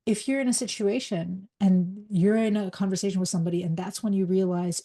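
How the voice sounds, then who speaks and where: A middle-aged woman who was once a psychologist and now coaches leaders is delivering a live workshop talk. Her mid-range voice moves fast, and her style is direct and energetic.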